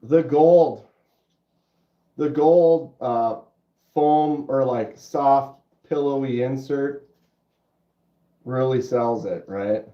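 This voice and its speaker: A middle-aged man with a stuffy nose hosting a casual livestream, chatting with viewers in a laid-back, drawn-out way. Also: medium pitch. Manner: laid-back, drawn-out, says dude and bro. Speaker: livestream host. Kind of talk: casual livestream chat reading comments. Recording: roomy, dull lo-fi sound.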